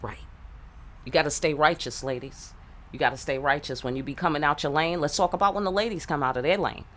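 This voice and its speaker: A woman's voice: deep voice, fast, fairly bright tone. A woman tarot reader gives blunt, profane relationship advice, peppered with rhetorical questions. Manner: blunt, profane, streetwise, full of rhetorical asides. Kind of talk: casual channeled reading.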